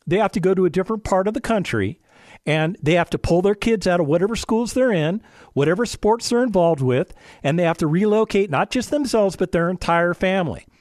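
A man hosting a radio talk show, speaking in an animated way with lots of rhetorical questions and jokey asides to his dog. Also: sits high, dry recording, studio quality.

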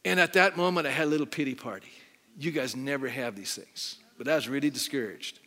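A man's voice: mid-range voice, brisk, a bit bright. A middle-aged male pastor preaching a sermon in a church, talking conversationally and putting frequent questions to the congregation. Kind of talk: sermon with altar call. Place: church sanctuary. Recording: long hall reverb with faint music.

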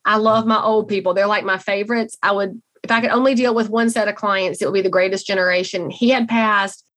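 A middle-aged woman with a Southern drawl tells stories as a guest on an interview show. She is blunt and folksy, often joking at her own expense, and she speaks at an even, mid-range pitch. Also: a little fast. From American South. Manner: folksy, blunt, self-deprecating humor. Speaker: guest, real estate CEO. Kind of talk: conversational interview storytelling.

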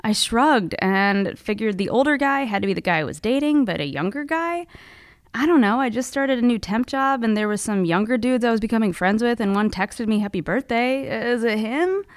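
A woman's voice: a little high, animated, a little fast, no room sound, studio quality. A woman hosting a podcast, telling a personal story in a wry, conversational way. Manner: wry, conversational, with casual fillers. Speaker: podcast host.

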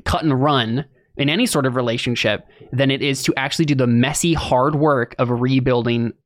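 A man's voice: mid-range voice, fairly even intonation, moderate pace, dry recording. A man in casual chat as a podcast guest, talking earnestly and checking in with "right?" and "you know".

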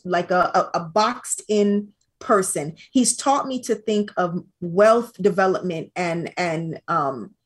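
A woman guest on an interview podcast, telling stories in an animated, expressive way. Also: mid-range voice, slightly rough. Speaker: interview guest, brand strategist. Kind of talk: casual interview.

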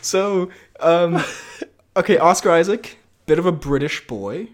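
A man's voice: on the high side, measured pace. A young man co-hosting a podcast in casual chat, rambling and jokey, laughing often. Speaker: podcast co-host.

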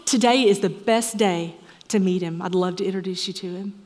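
A woman preaching a sermon in a church, earnest and measured, sometimes dropping to a soft whisper for emphasis. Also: medium pitch. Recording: echoey hall reverb.

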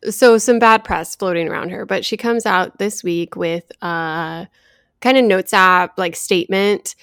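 A woman's voice: lowish voice, measured pace, a bit bright, smooth, no echo, clean studio sound. A woman co-hosting a casual pop culture chat, talking loosely with many fillers. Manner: chatty, lots of "like" fillers. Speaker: podcast co-host.

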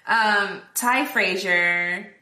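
A bright, chatty woman co-hosting a film podcast, recapping scenes and tossing in quick quoted voices. Her voice bounces around an echoey room, with a faint hiss under it. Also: mid-range voice. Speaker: podcast co-host. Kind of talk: casual film review chat.

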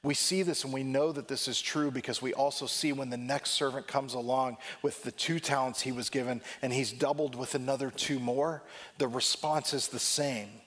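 A man preaching a sermon, reflective and emphatic, slowing down to stress key lines. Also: medium pitch, steady tone, a bit bright.

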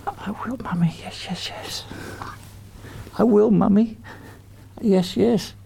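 A man's voice: on the high side, lively intonation, normal speed, vocal fry, background noise. A man voicing a little girl who keeps begging her mother for a kitten, half whispered and eager. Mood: pleading.

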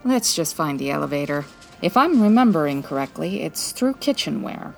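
A woman's voice: sits low, sing-song, moderate pace, vocal fry, soft background music, exaggerated voice. A woman playing a confident, breezy female private detective in 1940s radio style, arch and theatrical.

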